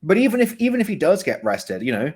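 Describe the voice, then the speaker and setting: A man's voice: high-pitched, huge pitch swings, quick pace, a little mellow, breathy edge. A man co-hosting a casual podcast chat, rambling and correcting himself mid-sentence, often laughing. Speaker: podcast co-host. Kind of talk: casual chat about soccer betting.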